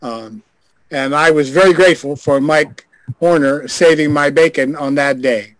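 A man's voice: a little high, a little slow, no echo, rough recording. An older man, a guest on a group call, telling a frank show-business story with wry chuckles. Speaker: guest, former adult film director. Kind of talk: anecdote in a group video call.

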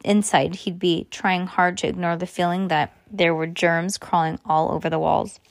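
A woman reading a first-person children's story aloud in a steady, earnest way. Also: lowish voice, normal speed, gravelly, dry recording, clean studio sound. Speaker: audiobook narrator.

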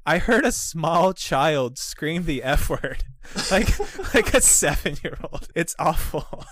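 A man's voice: on the high side, lively intonation, takes it slowly, fairly bright tone, slight background noise. Laughing man recapping old wrestling shows. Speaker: podcast co-host. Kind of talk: casual wrestling podcast chat.

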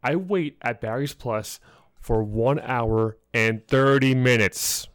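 A man's voice: mid-range voice, takes it slowly, a bit bright, clean tone. A young man co-hosting a podcast, telling an angry story in a casual chat and acting out the people he quotes. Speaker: podcast co-host.

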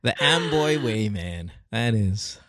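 Animated Filipino-accented man, lively pitch. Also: takes it slowly, dry recording, clean studio sound. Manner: animated storytelling, mixing in Tagalog phrases. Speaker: podcast host. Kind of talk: casual chat.

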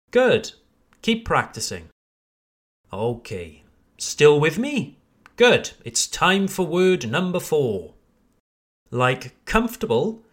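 A man with a British accent teaching English pronunciation on a podcast, encouraging and repeating each word slowly for learners. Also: a little high, a bit bright. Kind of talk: podcast lesson.

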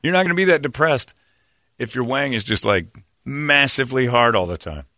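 A man's voice: mid-range voice, expressive, fairly quick, pushed and bright, dry recording, clean studio sound. A man from San Diego hosting a comedy talk show, telling crude rambling stories. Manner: crude, rambling storytelling with laughs. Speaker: host. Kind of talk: casual comedic banter.

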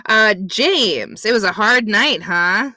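A woman's voice: medium pitch, lively intonation, slow pace, sharp tone, dry recording, studio quality. A woman co-hosting a podcast, chatting bluntly with crude jokes. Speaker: podcast co-host. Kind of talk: casual chat.

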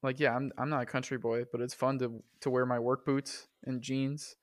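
A man's voice: mid-range voice, level tone, moderate pace. A man in casual chat on a podcast. He sounds laid-back and encouraging and teases his friend. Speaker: podcast guest.

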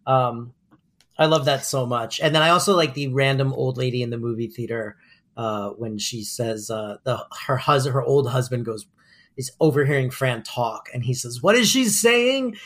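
A man's voice: mid-range voice, fairly even intonation, moderate pace, a bit bright. A man co-hosting a podcast, chatting playfully and acting out favourite lines from a sitcom. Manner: playful, quotes lines in little voices. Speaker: podcast co-host. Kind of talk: casual chat recapping a sitcom episode.

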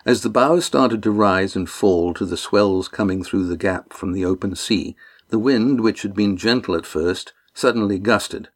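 A man narrating an audiobook chapter in a steady, measured reading. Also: on the low side.

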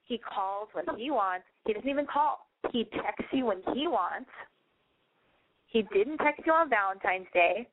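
A woman's voice: a little high, expressive, unhurried, narrow, tinny audio. Blunt, swearing woman giving advice on air. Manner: blunt and swearing, ranting, mimics callers with squeals. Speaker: radio call-in advice host. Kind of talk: call-in advice show.

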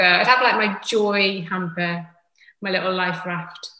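Woman, yoga teacher guest, bright tone, roomy echo, soft reflective pace. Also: mid-range voice, fairly even intonation, a little slow. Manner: gentle, reflective, with soft fillers. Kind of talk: casual conversation.

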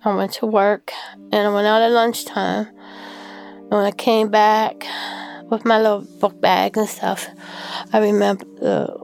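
Woman, interviewee, gravelly voice, halting recollection, full of fillers. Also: medium pitch, level tone, darkish tone. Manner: halting, many fillers and repeats. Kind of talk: personal recollection.

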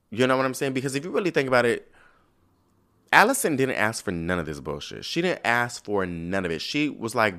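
A man hosting a podcast, giving a casual, profane, animated recap full of slang and mock quotes. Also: mid-range voice, brisk. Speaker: podcast host recapping a TV episode.

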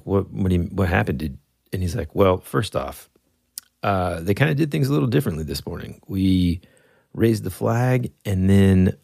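Deep gravelly man telling a story. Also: no echo, clean studio sound. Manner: animated, laughs often, acts out yells. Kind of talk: casual storytelling chat.

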